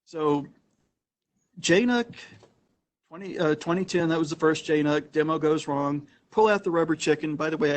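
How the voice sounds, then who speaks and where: A man hosting a small tech meetup, telling stories in a chatty, anecdotal way and often restarting his sentences. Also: fairly high pitch. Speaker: meetup host and presenter. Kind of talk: casual storytelling talk to a small group. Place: meeting room with a live audience. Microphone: room recording mic.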